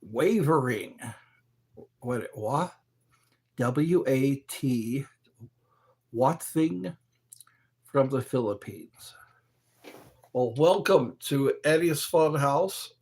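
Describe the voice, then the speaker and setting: A man hosting his own live stream, chatting slowly and aimlessly, greeting viewers by name and trying to recall old movies. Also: medium pitch, animated, darkish tone. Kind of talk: rambling live stream chat.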